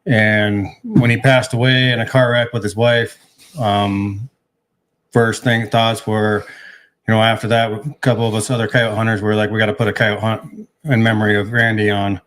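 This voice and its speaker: A man's voice: on the low side, little pitch movement, normal speed, fairly bright tone. A man from South Dakota, a guest on a casual interview, talking in a plain, matter-of-fact way.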